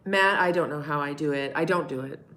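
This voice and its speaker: A woman's voice: low voice, fairly quick, bright, forceful tone. A middle-aged woman hosting a live stream, answering chat in a candid, rambling way and swearing freely. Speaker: livestream host answering chat.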